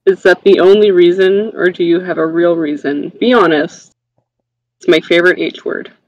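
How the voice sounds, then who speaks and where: A tabletop player giving deadpan, dry replies in casual role-play. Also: medium pitch, moderate pace, no echo, lo-fi sound.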